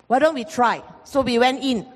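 A woman pastor preaching a sermon, telling stories in an animated way and acting out the voices in them. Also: on the high side, moderate pace. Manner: animated storytelling, acts out quoted voices, repeats phrases. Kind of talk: sermon with storytelling. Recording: long reverb from a hall.

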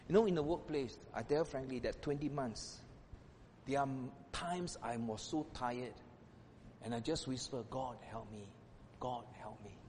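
A man preaching a sermon as a pastor, swinging between loud exclamations and hushed asides. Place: church hall. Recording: reverberant hall with faint rumble.

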